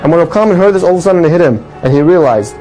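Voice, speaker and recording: A man's voice: a little high, animated, rapid-fire, dark tone, faint music behind, low-quality recording. A man telling an inspirational story to an audience as a rabbi, emphatic and full of rhetorical questions. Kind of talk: storytelling talk.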